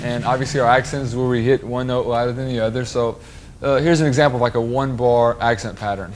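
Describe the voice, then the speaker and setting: A man teaching a drum lesson, explaining soloing and accent patterns in a relaxed, explanatory way with frequent fillers. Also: medium pitch, fast, loud music behind the voice. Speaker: drum instructor.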